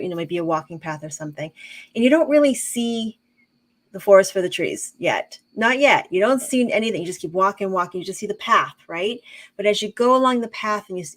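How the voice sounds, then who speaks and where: Brief: middle-aged woman guest, calm explainer, slightly low voice, lots of "um" and restarts. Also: rough recording. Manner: calm, explains with long examples, many fillers and restarts. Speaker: guest, intuitive medium and teacher. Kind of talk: casual interview chat.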